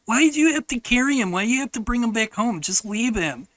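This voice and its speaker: A man's voice: very high voice, lively intonation, fast, a bit bright, dry recording, voice pushed up. A man putting on the voice of a whiny, pushy twelve-year-old girl. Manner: pushy, impatient whining.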